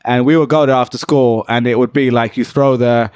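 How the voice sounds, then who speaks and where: A man co-hosting a casual podcast chat, laughing often and telling lively stories. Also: medium pitch, fairly quick, clean tone, no echo, clean studio sound. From England. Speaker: podcast co-host.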